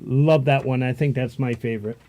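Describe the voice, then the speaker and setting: A man co-hosting a casual chat, laid-back and quick to laugh. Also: medium pitch, steady tone, dark tone. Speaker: co-host.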